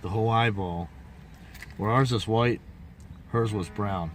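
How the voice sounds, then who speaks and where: A man with a low voice rambles through a folksy story, doubling back and adding asides as he goes. A faint hiss of noise and passing vehicles sits under the recording. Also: unhurried. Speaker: vlogger. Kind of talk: casual rambling monologue.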